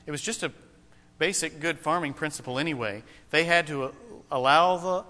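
A man preaching a sermon, emphatic and slowing down to stress key points. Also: fairly high pitch, sharp tone. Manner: emphatic, slows down for weight. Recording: long hall reverb.

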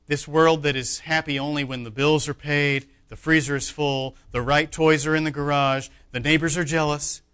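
A pastor delivering a sermon in a bright, forceful voice that sits somewhat high for a man. He preaches emphatically, rising to loud declarations and dropping to hushed asides. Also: steady tone, moderate pace, hardly any pauses, clean tone.

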